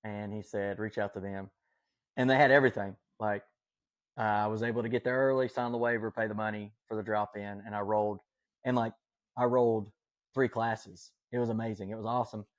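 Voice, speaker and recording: A man with a Southern Appalachian accent, fairly low-pitched and brisk with a steady tone, tells stories as a podcast guest. His casual storytelling is enthusiastic and folksy, packed with fillers, and there's no room sound.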